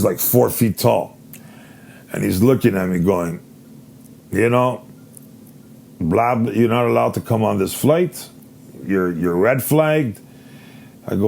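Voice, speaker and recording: A man hosts a podcast on his own, spinning a long, rambling story full of swearing and animated retellings. His voice sits low and has a husky, gravelly rasp. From Canada. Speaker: podcast host. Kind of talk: casual storytelling.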